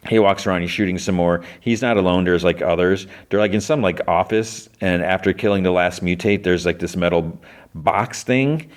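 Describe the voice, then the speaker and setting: A man's voice: sits low, normal speed. A man hosting a podcast, recapping a TV episode casually with lots of fillers and restarts. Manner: rambling, heavy use of fillers and restarts; briefly acts out characters' lines in quotes. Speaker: podcast host.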